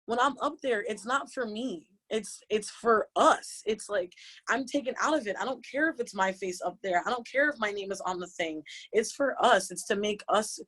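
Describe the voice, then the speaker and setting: A woman in her late twenties, a yoga teacher speaking on a panel, talking through tears in an impassioned, halting way with many restarts. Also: mid-range voice, a bit bright. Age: late 20s. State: crying, tearful. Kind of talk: emotional personal testimony on a panel.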